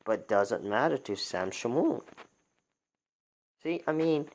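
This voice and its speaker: A man talking off the cuff on a livestream, starting sentences over and repeating words as he goes. His voice sits at an ordinary middle pitch for a man. He sounds exasperated and keeps firing rhetorical questions. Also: lively intonation. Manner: halting, many restarts and repeated words. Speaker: livestream commentator. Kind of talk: unscripted livestream commentary.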